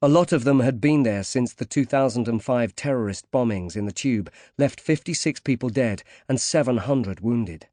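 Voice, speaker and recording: A man reading a thriller audiobook in a measured, steady narration. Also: mid-range voice, no room sound, studio quality. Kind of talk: scripted narration.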